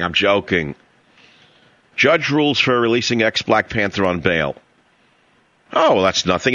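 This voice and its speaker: A man's voice: fairly low pitch, sharp tone, no echo, highs cut off. A middle-aged man with a New York accent hosting a talk radio show, brash and mocking, full of sarcasm.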